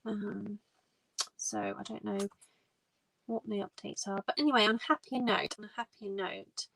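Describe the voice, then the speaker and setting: A woman's voice: mid-range voice, fairly even intonation, normal speed, gravelly, fairly bright tone, a little hiss or hum, rough recording. A young woman hosting a live stream, telling a story in casual chat with many restarts and quoted dialogue.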